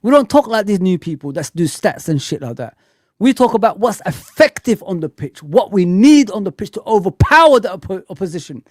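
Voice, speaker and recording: A man hosting a casual live-stream football chat, animated and repetitive, talking straight to his viewers from a home setup. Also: high-pitched, a little fast, no room sound, clean studio sound.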